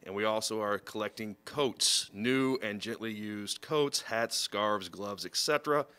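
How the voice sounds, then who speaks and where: A man's voice: on the low side, unhurried, bright, forceful tone, clear, resonant tone. A man on a school news show speaking about service and giving opportunities in an upbeat, informal way. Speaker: school staff guest. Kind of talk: school announcement.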